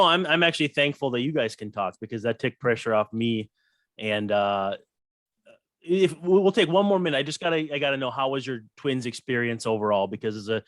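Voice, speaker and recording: A man's voice: medium pitch, no room sound, clean studio sound. Eager male co-host asking questions. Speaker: podcast co-host. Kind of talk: casual interview questions.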